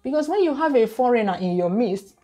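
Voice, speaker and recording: A woman's voice: fairly high pitch, expressive, fairly quick, dark tone. A woman from Nigeria with a Nigerian English accent, talking casually to camera as a YouTube host in an emphatic, lecturing way full of rhetorical questions.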